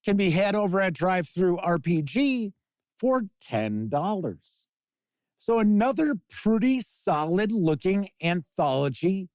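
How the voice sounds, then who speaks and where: A man's voice: sits high, a little mellow, no echo. A man hosting a live tabletop gaming news stream, reading announcements and riffing on them in a chatty way while answering viewer comments. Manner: chatty, reads news then riffs on it, answers chat comments.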